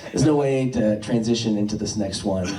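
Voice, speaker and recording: A man's voice: fairly low pitch, measured pace, reverberant, distant mic, background noise. A man doing a stand-up comedy set, rambling and dry, with lots of stammered restarts. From Worcester, USA. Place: comedy club stage.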